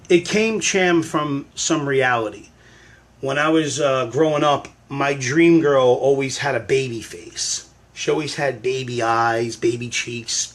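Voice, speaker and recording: A man's voice: mid-range voice, fairly bright tone. A man hosting a casual livestream Q&A with fans, hamming up mock frustration and sudden outbursts. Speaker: livestream host answering fan questions. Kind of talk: casual live-stream Q&A.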